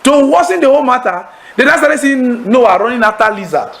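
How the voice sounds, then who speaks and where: High, gravelly-voiced preacher man. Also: fairly quick, low-quality recording. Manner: animated storytelling, acting out laughter; asks the audience leading questions. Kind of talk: sermon-style teaching to a congregation. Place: Bible study class room.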